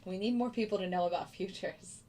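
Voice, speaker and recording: A woman's voice: medium pitch, brisk, warm tone, a little hiss or hum. A woman hosting a live trading stream, chatting casually and answering viewers by name. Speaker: livestream host. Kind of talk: casual livestream chat.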